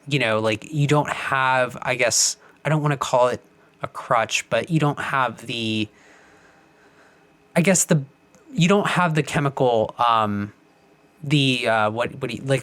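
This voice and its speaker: A man hosting a podcast, asking long, meandering questions and pausing on many "um"s. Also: medium pitch, a bit bright, no room sound. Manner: meandering, searching for words with many "um"s. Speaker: podcast host. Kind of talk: casual interview questions.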